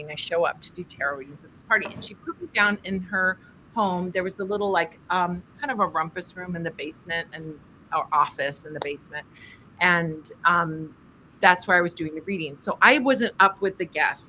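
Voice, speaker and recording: A woman's voice: fairly low pitch, pushed and bright, slight background noise. A woman hosting a charity tarot stream, chatting casually and laughing often as she tells stories and reads cards. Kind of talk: casual storytelling and tarot reading.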